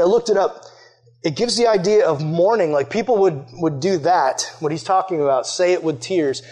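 A young man preaching to a youth group, his voice sitting notably high for a man. He speaks earnestly and conversationally, scattering fillers and throwing questions straight at his listeners. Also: a little mellow. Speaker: youth pastor. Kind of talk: sermon.

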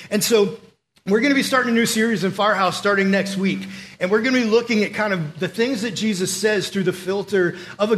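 A young adult man giving a casual, energetic sermon, telling stories and acting out the voices he quotes. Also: high voice.

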